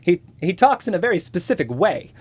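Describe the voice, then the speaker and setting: A man's voice: high-pitched, sing-song, a little fast, breathy edge. Slightly nasal man explaining voice technique. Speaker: voice actor and impressionist guest. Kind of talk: casual interview chat.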